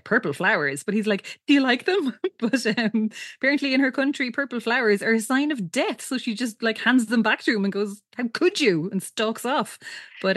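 Woman co-host, casual recap chatter, lively, laughs a lot. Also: on the high side, no room sound, clean studio sound. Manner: animated, laughs often, acts out quotes. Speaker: podcast co-host.

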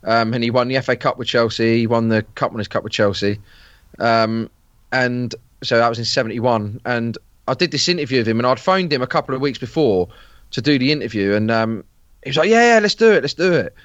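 A man talking casually on a podcast, rambling and circling back with fillers and restarts. His voice sits mid-pitch. The sound is dry and slightly muffled. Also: fast, fairly bright tone, no echo. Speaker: podcast guest. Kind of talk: casual chat.

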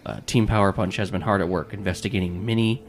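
A man's voice: lowish voice, steady tone, quick pace, slight background noise, close to an everyday voice. A man voicing a weary, middle-aged male council member who speaks formally and makes dry puns.

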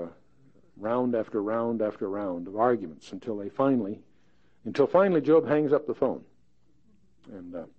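Folksy male Bible teacher, mellow tone. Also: medium pitch. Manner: folksy, plain-spoken, with wry asides. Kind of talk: conversational Bible study. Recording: dull lo-fi podcast recording.

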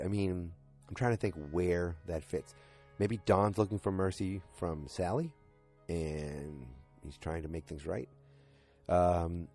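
Husky low-voiced man rambling through a recap. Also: a little mellow. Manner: rambling retelling full of fillers and "he's like". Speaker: podcast host recapping a TV episode. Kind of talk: casual episode recap.

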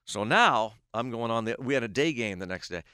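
A man's voice: mid-range voice, brisk, clear, resonant tone, dry recording, clean studio sound. A middle-aged man, a baseball play-by-play announcer, telling a long story on a podcast and acting out the quoted back-and-forth. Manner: animated storyteller who acts out quoted dialogue.

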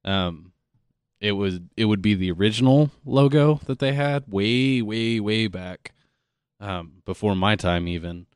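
A man's voice: lowish voice, unhurried, smooth, no room sound, clean studio sound. Joking man in casual chat. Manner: joking interjections, crude quips.

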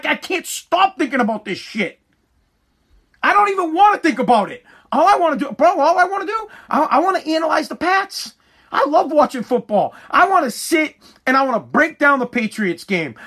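A man in an angry, profane rant to camera, swearing, repeating himself and sometimes shouting. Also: extremely high pitch. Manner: heated, swearing, repeats words, shouts at times.

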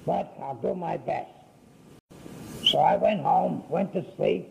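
A man's voice: a little high, expressive, vocal fry, dull audio, a little hiss or hum. An older man telling his life story in a folksy, rambling way, acting out what people said. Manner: folksy, unhurried, acts out quoted speech.

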